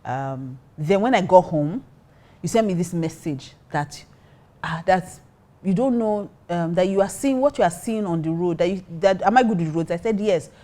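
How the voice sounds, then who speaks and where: A middle-aged woman with a Nigerian accent, a pastor and co-host, telling a story in a lively way and acting out the quotes. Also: fairly low pitch, moderate pace. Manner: lively, acts out quotes, mixes in Pidgin. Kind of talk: casual storytelling chat.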